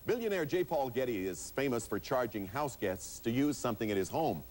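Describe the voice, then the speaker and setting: A man with a Southern accent hosting a TV game show, upbeat and brisk in his patter. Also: mid-range voice. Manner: lively, upbeat, excited on big rolls. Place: TV studio. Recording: 1980s TV broadcast with studio audience and music.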